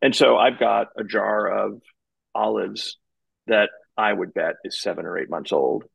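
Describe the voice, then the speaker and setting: Gravelly, husky-voiced man chatting. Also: lowish voice, dry recording, low-quality recording. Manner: relaxed, agreeable, quick interjections. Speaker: podcast co-host. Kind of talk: casual chat.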